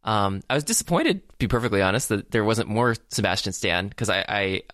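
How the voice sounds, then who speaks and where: Low-voiced man rambling about a movie. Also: animated, brisk, fairly bright tone, dry recording, studio quality. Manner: rambling, hesitant, many fillers and restarts. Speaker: podcast co-host. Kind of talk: casual movie discussion.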